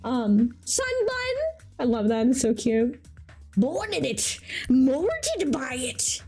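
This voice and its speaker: A woman's voice: fairly high pitch, very animated, takes it slowly, dark tone, faint music behind. A woman hosting a live stream, chatting casually and reacting animatedly to viewers' artwork. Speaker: livestream host showcasing community art.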